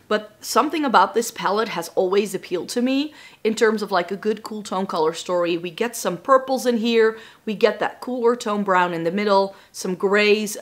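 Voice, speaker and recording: A woman beauty vlogger, a little raspy while getting over a lost voice, chatting casually and thinking aloud to the camera. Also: medium pitch, fairly bright tone.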